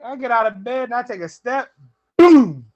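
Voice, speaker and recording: A young adult man hosting a podcast, telling stories in an animated way, laughing often and quoting people. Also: very high voice, normal speed, dry recording, muffled recording. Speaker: podcast host. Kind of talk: casual podcast storytelling.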